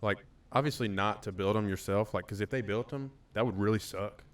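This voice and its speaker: A young man co-hosting a podcast in relaxed casual chat, laughing along and asking questions. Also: on the low side, fairly quick. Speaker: podcast co-host.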